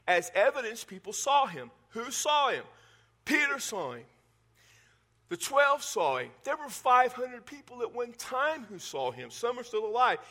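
Guy preaching, bright sharp voice, punchy and emphatic, repeats his points. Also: high-pitched. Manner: animated preaching with emphatic repetition. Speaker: pastor. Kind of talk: sermon.

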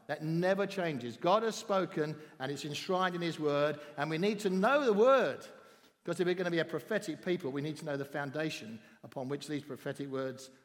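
A high-pitched man with a southern English accent preaches with real emphasis, pushing some phrases nearly to a shout. His voice rings out through a church hall with a long reverb trailing behind every line. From southern England. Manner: emphatic, rising to near-shouting on key phrases. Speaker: visiting pastor. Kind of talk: sermon.

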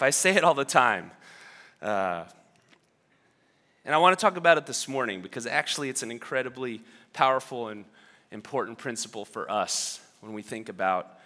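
A male pastor preaches a sermon with loose, chatty storytelling full of restarts and small asides. His bright, forward, medium-pitched voice rings with the long reverb of a large hall.

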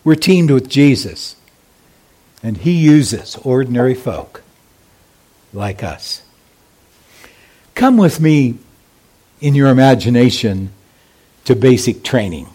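Slow-preaching man in the pulpit. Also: mid-range voice, animated, warm tone. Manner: slow, deliberate preaching with emphatic pauses. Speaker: pastor. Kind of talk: sermon.

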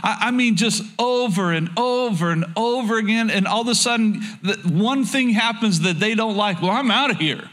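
High-voiced pastor preaching earnestly. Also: male voice, moderate pace, hardly any pauses. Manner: earnest, swinging between soft low pleading and raised exhortation. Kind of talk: sermon.

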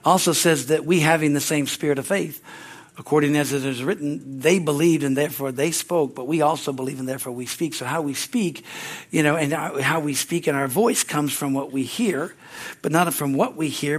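Older male pastor, folksy conversational sermon delivery, light chuckles, slightly high voice. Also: moderate pace. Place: church sanctuary.

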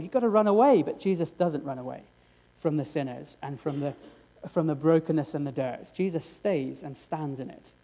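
A man's voice: fairly high pitch, moderate pace, hardly any pauses, dark tone. A man preaching a sermon, earnest and direct, often asking his congregation rhetorical questions.

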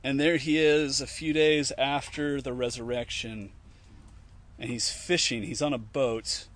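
A man's voice: mid-range voice, measured pace. Man telling a story in casual teaching. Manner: conversational, frequent fillers and restarts; retells scenes in lively quoted voices. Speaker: Christian teacher. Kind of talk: informal teaching talk.

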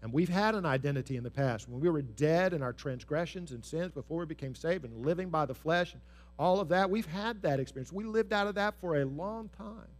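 Earnest male pastor preaching in church, slightly high-pitched. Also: lively intonation, a little fast. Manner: earnest, repetitive emphasis. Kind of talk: sermon.

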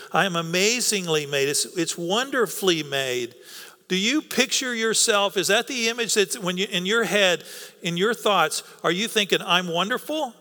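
A man's voice: high voice, pushed and bright. A man preaching a sermon in an earnest, coaxing way, repeating words for emphasis. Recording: long reverb of a hall.

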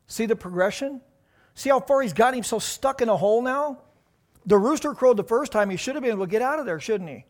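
High-voiced man preaching with building emphasis. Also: lively intonation, a little fast. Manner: emphatic, building, rhetorical questions to the congregation. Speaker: pastor. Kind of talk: sermon.

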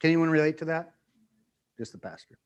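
A man preaching as a pastor, animated and acting out everyday scenes, often putting questions to his listeners. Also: fairly high pitch, fairly quick, lo-fi sound. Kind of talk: sermon teaching.

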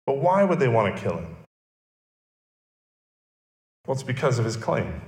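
A man's voice: mid-range voice, lively intonation, fairly quick, few pauses. A male pastor preaching a sermon, explaining and repeating key phrases for emphasis. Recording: echoey church hall.

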